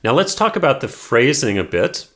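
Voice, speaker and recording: A man teaching a piano lesson, explaining patiently and sometimes singing a melody line softly and slowly. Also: medium pitch, sing-song. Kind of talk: piano tutorial.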